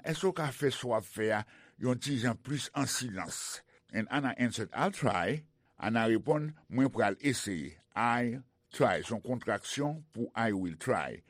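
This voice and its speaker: A man with a Haitian accent teaching English in a slow, deliberate way and spelling out words. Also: mid-range voice, no room sound, clean studio sound. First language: Haitian Creole. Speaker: language teacher. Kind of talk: bilingual radio language lesson.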